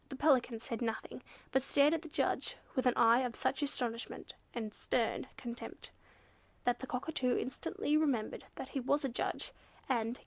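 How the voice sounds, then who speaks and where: A woman narrating a children's storybook, lively and playful, changing her voice for the animals. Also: dry recording. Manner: lively, shifts pitch for quoted animals. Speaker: audiobook narrator.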